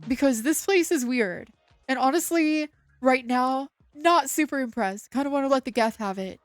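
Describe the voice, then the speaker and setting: Woman streamer, casual recap chat, slightly high voice, dry sound. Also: moderate pace, no echo, soft background music. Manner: chatty, swears casually, recaps story with quoted voices. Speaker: VTuber streamer. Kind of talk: casual gameplay commentary.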